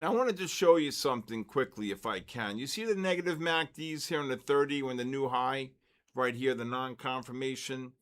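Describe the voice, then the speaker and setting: An older man hosting a live trading session, telling personal stories and calling market moves with loud excitement. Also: mid-range voice, normal speed. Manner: storytelling, then loud excited market calls. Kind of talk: live trading stream chat and storytelling.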